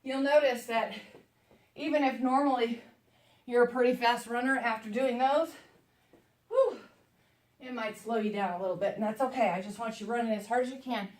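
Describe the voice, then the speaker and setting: A fitness instructor with a higher-pitched voice exercises along as she leads a home workout, chatty and encouraging while counting down reps. Her tone stays steady and her pace runs a little fast. She's far from the mic in an echoey room.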